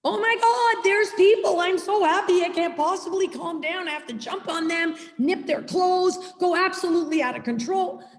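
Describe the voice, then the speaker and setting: A woman's voice: very high-pitched, normal speed, hardly any pauses, pitched above the performer's own voice. A woman voicing an overexcited, frantic pet dog that gushes breathlessly, heard over echoey video call audio. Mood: overjoyed. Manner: breathless, gushing.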